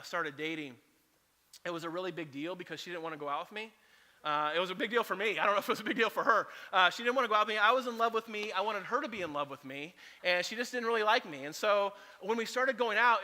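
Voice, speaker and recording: A man in his forties, a pastor delivering a sermon and telling a funny story in an animated way. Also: high-pitched, in a large hall. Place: church auditorium.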